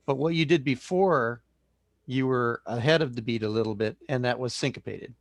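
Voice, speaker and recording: A man in a video-call discussion about calling, asking questions and making points in a lively way. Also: mid-range voice, normal speed, no room sound. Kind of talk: online group discussion.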